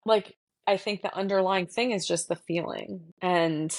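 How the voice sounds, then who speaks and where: A woman's voice: fairly low pitch, unhurried, darkish tone, no room sound. A woman with a North Jersey accent, hosting a casual podcast chat in a reflective, searching way with many fillers. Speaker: podcast host.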